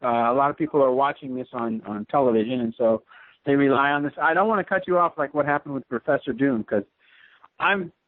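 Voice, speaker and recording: A man's voice: medium pitch, a little fast, dry recording. A man hosting a radio show, talking in an earnest, emphatic way with a lot of repetition. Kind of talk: casual radio interview talk. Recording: dry tinny phone-line sound.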